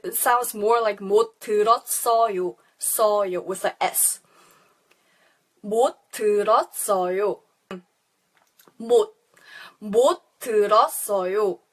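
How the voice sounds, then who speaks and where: A cheerful young woman with a Korean accent teaches a live language lesson in English. Her voice sits a little high, and she repeats each phrase patiently for her learners. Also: fairly bright tone. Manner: cheerful, repeats phrases slowly, laughs now and then.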